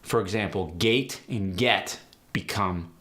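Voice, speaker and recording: A man hosting a tutorial as an accent coach, explaining sounds in a brisk, direct way. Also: on the low side, sharp tone. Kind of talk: instructional tutorial.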